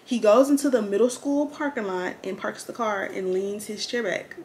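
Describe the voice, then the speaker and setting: A young woman chatting slangily through a get-ready-with-me storytime, animated and candid. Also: medium pitch, moderate pace, a little hiss or hum. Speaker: vlogger.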